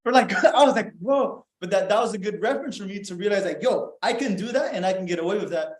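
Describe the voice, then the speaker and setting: A young man casually telling a story as a podcast guest, animated and profane, often acting out bits of dialogue. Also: sits high, fast talker. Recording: echoey room.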